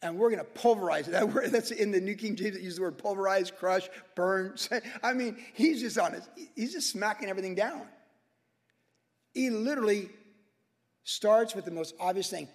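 High-pitched male pastor, emphatic sermon, repeats for punch, long hall reverb. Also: normal speed. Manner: emphatic, animated, repeats for stress.

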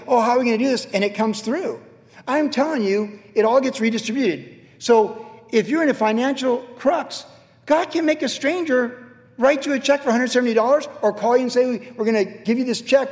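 High-voiced pastor in echoing hall. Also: male voice. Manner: animated storytelling, repeats phrases for emphasis. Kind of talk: sermon. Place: church sanctuary. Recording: reverberant church hall.

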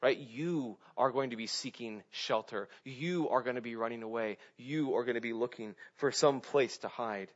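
A man delivers a sermon in a casual, conversational voice of ordinary pitch, dropping frequent "right?" checks to his listeners. He swings between loud emphatic bursts and quiet asides. The recording is dull and somewhat lo-fi. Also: normal speed, hardly any pauses. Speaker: pastor.

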